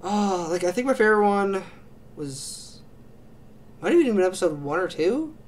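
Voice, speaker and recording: A man's voice: high-pitched, animated, moderate pace, slight background noise. A man hosting his own reaction channel, chatting casually and gushing through a ranking of his favorite series, rambling with lots of fillers and restarts. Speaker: anime reaction channel host.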